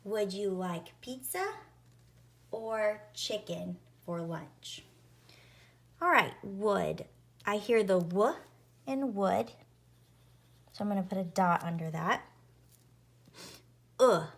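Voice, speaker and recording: A woman with a mid-range voice teaches young children a phonics lesson, sounding out every letter slowly and clearly.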